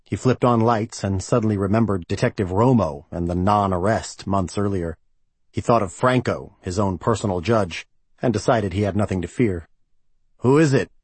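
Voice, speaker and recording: A man reading a novel aloud as the narrator, in an even, measured manner. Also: on the low side, slightly rough, dry recording. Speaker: audiobook narrator. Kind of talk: scripted narration.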